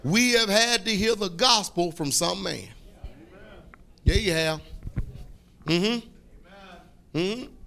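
A man preaching a fiery sermon, repeating phrases, calling for responses and breaking into shouts. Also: sits high, extremely slow, vocal fry, pauses often.

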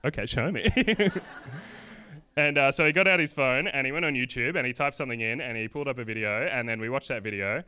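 Young comic, rambling self-deprecating stand-up, bright tense delivery. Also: male voice, mid-range voice, a little fast, clean tone. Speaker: stand-up comedian. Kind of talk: stand-up comedy set. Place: comedy concert hall stage.

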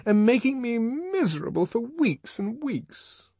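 A man voicing an impatient, exasperated young woman in an audiobook, firing sharp questions. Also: very high-pitched, sing-song, a little slow, gravelly, husky, dry recording, pitched above the performer's own voice, full character voice. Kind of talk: audiobook character voice.

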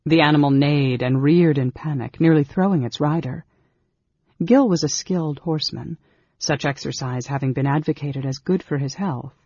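A man narrating a fantasy audiobook in a measured, dramatic storytelling manner. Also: on the high side, darkish tone, husky, dry recording, muffled recording. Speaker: audiobook reader.

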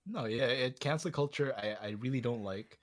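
A man's voice: medium pitch, normal speed. A man co-hosting a podcast in casual chat, laid-back and affirming, setting up a game segment. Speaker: podcast co-host.

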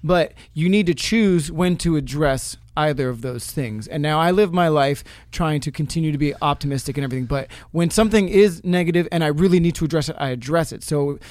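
Male co-host, slightly high voice, fervent, dry studio sound. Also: a little mellow, no room sound. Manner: passionate, slows down to stress points. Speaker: podcast co-host. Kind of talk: casual podcast chat.

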